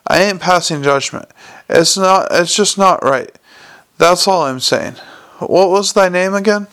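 A man's voice: high-pitched, unhurried, a bit bright, smooth, pitched above the performer's own voice. A man voicing a cackling rustic old male animal keeper who talks in a folksy, grumbling, old-fashioned way.

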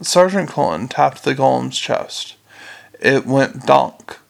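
A man's voice: mid-range voice, takes it slowly, vocal fry. A man narrating an audiobook with dry, wry storytelling.

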